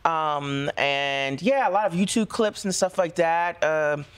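A woman actor from central Pennsylvania, a talk show guest telling lively stories and acting out quotes. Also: sits low, unhurried, clear, resonant tone. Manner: lively storytelling, acts out quotes.

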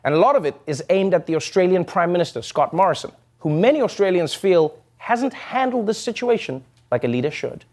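High-voiced man hosting a comedy show. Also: expressive, a little fast, few pauses, darkish tone. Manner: joking, laughing between punchlines. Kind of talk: scripted comedic commentary.

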